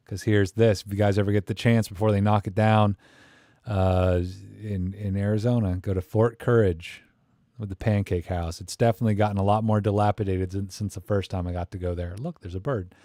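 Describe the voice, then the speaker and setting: A man hosts a casual live stream, rambling from one thought to the next and cracking jokes at the chat. His voice sits a little low. The sound is close and dry, with no room around it. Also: steady tone, a little fast, warm tone, dry recording. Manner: rambling, jokey, reads chat comments aloud. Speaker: host of a live camera stream.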